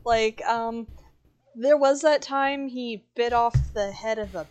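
A woman's voice: on the high side, slow, a little mellow, clear, resonant tone, soft background music. A woman co-hosting a podcast in a casual chat, reading from notes with a chatty, easygoing manner. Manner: chatty, laughs often, reads out notes. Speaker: podcast co-host.

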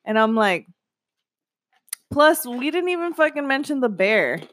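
A woman's voice: high voice, sing-song, measured pace, fairly bright tone. Rambling young woman, casual chat. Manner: swears often, loose rambling talk with many fillers.

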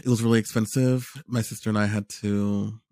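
A young man in casual chat, telling a lively story with lots of fillers and repeated words. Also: on the low side, a little fast, dry recording, clean studio sound.

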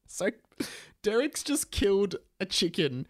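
A man's voice: high voice, very animated, a little slow, dry recording, studio quality. A man hosting a podcast, reading a story aloud and mocking it with wry asides. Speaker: podcast host. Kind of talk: comic reading and commentary.

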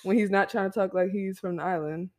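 A woman's voice: mid-range voice, steady tone, fast. Giggly woman co-host in casual chat. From United States. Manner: playful, giggly, mimics accents. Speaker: podcast co-host.

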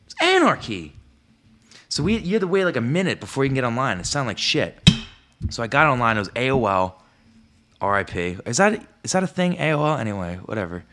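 A young man hosting a podcast, telling rambling comic stories, swearing often and jumping up in pitch when he quotes himself. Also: big pitch swings, fast talker, fairly bright tone, slight background noise. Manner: rambling, swears a lot, jumps high when quoting himself. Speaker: podcast host. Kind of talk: casual comedic storytelling monologue. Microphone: podcast microphone.

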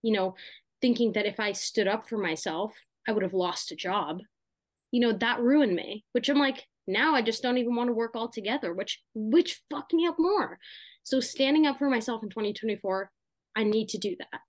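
A woman's voice: fairly high pitch, moderate pace, dry recording. A young woman co-hosting a podcast, talking casually with lots of fillers and asides. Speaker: podcast co-host. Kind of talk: casual chat.

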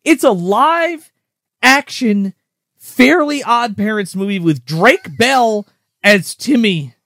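A podcast co-host, this man has a high voice and speaks slowly, recorded in a clean studio with no echo. In casual conversation he tells rambling, profane stories with animated flair.

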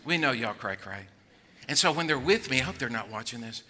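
An older man preaching a sermon, acting out worried voices, then dropping low to draw listeners in. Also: expressive, a little fast, sharp tone, slight background noise. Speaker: pastor.

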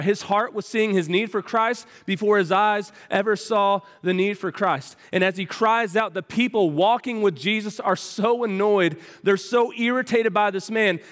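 A man preaching a sermon as pastor, asking the congregation rhetorical questions and moving between loud emphasis and hushed passages. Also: high-pitched, big-room sound. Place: church sanctuary.

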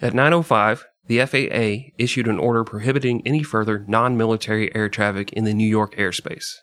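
A man's voice: lowish voice, fairly even intonation, fairly quick, a bit bright, no room sound. A man hosting a casual podcast, reading historical passages aloud and laughing often between them. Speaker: podcast host.

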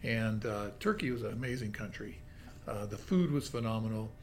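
An older man in casual chat, telling travel stories in a halting, relaxed way. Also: fairly low pitch, a little hiss or hum. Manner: halting, relaxed storytelling with fillers.

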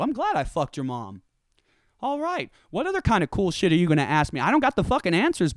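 A man from the American South ranting through a stand-up comedy bit, coarse and foul-mouthed. His pitch leaps around wildly, lifting into loud outbursts and dropping into low asides. The voice is smooth and resonant and sounds close and dry. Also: dry recording. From Southern United States. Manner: profane, animated, swinging between loud outbursts and low asides. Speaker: comedian and podcast host.

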